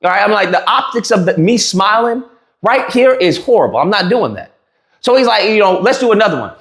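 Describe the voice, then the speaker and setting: A man's voice: high-pitched, very animated, fairly quick, a bit bright. A man recapping an interview in a heated, mocking rant, laughing at his own jabs and restarting his sentences often. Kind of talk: animated ranting recap to camera. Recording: roomy echo.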